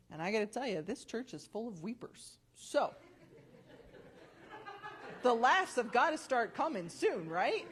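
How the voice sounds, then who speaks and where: A woman's voice: on the high side, sing-song, measured pace, long pauses. A woman giving a conversational testimony in church, talking from notes, correcting herself and reading scripture aloud.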